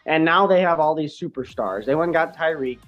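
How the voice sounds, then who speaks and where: A man's voice: fairly high pitch, expressive, brisk, dull audio, faint music behind. A man co-hosting a casual sports podcast, rambling with many fillers and restarts. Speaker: podcast co-host.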